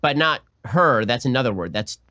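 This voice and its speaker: A man giving sardonic, rapid-fire reaction commentary on video clips. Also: mid-range voice, expressive, bright, forceful tone. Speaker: political commentator.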